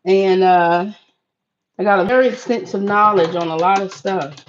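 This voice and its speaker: A woman's voice: mid-range voice, normal speed, muffled recording, a little hiss or hum. A middle-aged woman from Florida chatting casually with viewers on a live stream while she cooks in her home kitchen. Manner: chatty, addresses viewers as y'all.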